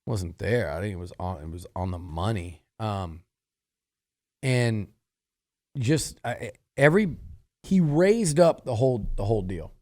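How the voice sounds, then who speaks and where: A man's voice: fairly low pitch, animated, unhurried, darkish tone, no room sound, studio quality. A man co-hosting sports radio, breaking down a game with emphatic, restarting speech. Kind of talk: sports talk analysis.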